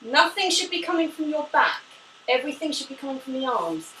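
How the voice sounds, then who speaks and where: Woman pilates teacher, high bright voice, echoey room off-mic, faint hiss, upbeat and short of breath. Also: big pitch swings, a little fast, far from the mic. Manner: upbeat, demonstrating while talking, laughs often. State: slightly out of breath from exercising. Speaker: pilates instructor. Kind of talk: live online fitness class instruction.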